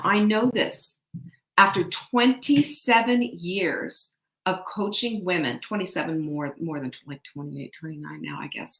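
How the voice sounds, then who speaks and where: A middle-aged woman hosting a motivational talk, chatty and often putting questions to her audience. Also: medium pitch. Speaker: host. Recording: echoey room.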